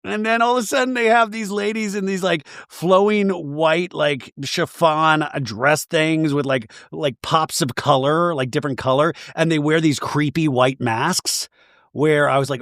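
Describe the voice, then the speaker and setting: A man hosting a podcast, recapping a show in an animated, profane, joking way with frequent laughs. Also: fairly high pitch, measured pace, no echo, studio quality. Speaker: podcast host. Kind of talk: comedic episode recap.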